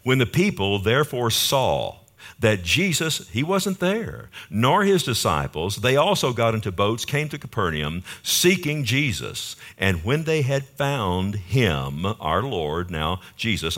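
A man's voice: fairly low pitch, very animated, a little slow, a bit bright. A man pastor preaching a verse-by-verse sermon, emphatic and often asking the congregation questions.

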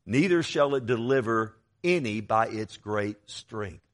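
A man preaching a sermon to his church, quoting scripture aloud with swells of volume and sudden drops. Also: lowish voice. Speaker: pastor.

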